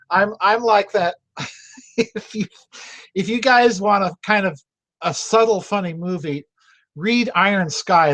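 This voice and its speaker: Hosting a members' video chat, a high-pitched man with a fairly bright tone keeps things chatty and self-deprecating. Frequent laughter breaks up his talk, and he tends to repeat words.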